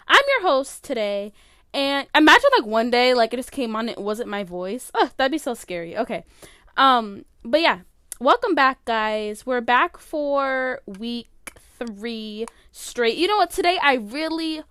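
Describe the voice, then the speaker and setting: A teenage girl hosts her own podcast from her bedroom, her voice high, smooth and clear. She rambles with plenty of fillers and lets her feelings show. The sound is dry and close, with no room echo. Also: a bit bright. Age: late teens. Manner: rambling, filler-heavy, emotional. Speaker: podcast host. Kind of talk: casual solo podcast chat.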